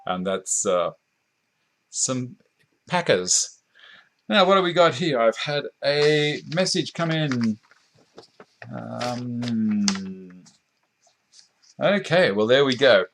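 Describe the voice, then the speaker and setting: Recorded on a nearby camera mic in his home workshop, an Australian man runs a woodworking live stream, casually reading out viewer comments and chuckling a lot. His medium-pitched voice is expressive and a bit bright, stretching words and pausing often, with slight background noise.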